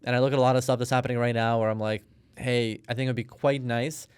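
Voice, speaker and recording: Russia-born guy in his 30s telling a story on a podcast, lots of ums, smooth clean voice. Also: mid-range voice, little pitch movement, fast, a little mellow, dry recording. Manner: storytelling, hesitant with many restarts and fillers. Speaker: guest. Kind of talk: conversational interview.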